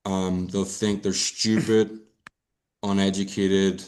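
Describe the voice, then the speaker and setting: A man's voice: sits low, flat delivery, slow, a little mellow. An Irish man, a podcast guest, talking in a rambling casual way, swearing and trailing off with fillers. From Ireland.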